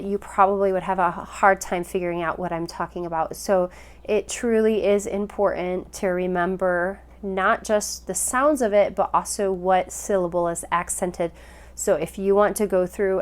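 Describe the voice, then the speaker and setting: Woman teaching with patient, slow repetition. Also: fairly low pitch. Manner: patient, repeats words slowly for practice. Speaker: language teacher. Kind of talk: recorded phonics lesson.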